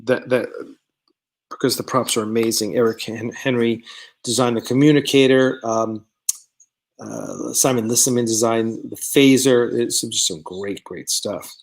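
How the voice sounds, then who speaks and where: A man's voice: medium pitch, steady tone, measured pace. A man hosting a live stream, chatting casually with viewers in a rambling way, with many fillers, and reading out their comments. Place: studio set of a starship bridge.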